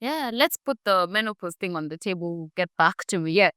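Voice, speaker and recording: A woman's voice: lowish voice, animated, brisk, a bit bright, clean tone, no echo, studio quality. A woman hosting an interview, prompting her guest with follow-up questions and frequent affirmations. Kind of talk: conversational interview.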